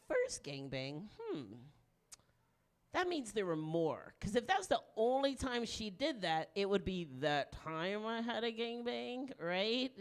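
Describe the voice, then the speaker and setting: Lively, frank woman doing stand-up. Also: medium pitch. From Deep South of the US. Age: 40s. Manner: frank, self-mocking, animated punchlines. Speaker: stand-up comedian. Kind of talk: stand-up set.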